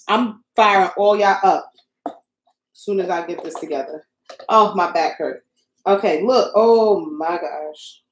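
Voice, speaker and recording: Young woman host, flustered, self-mocking live-stream chatter, middle pitch, roomy echo. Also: a little slow. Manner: flustered, talks to viewers while crafting. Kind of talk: casual live-stream chat.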